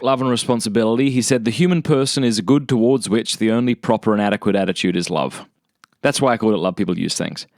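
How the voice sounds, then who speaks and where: A man's voice: medium pitch, no room sound, studio quality. A man in his thirties with an Australian accent, hosting a casual solo podcast and thinking aloud with frequent ums and restarts. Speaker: podcast host.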